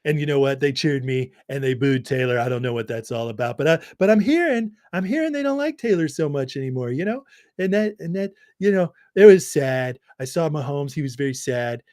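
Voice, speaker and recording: A man's voice: a little high, animated, brisk, a little mellow, no room sound, studio quality, lightly acted. A man doing a weak impression of a boastful older male president who keeps repeating himself. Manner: repeats phrases, bragging superlatives. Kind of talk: amateur impression on a livestream.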